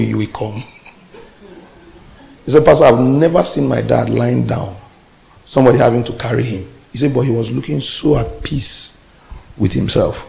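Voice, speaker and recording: A male pastor preaching with a deeply gravelly, fry-laden voice at a middling pitch. He shifts between quiet, low storytelling and loud, climbing call-and-response exclamations to the congregation. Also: poor audio. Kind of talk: sermon.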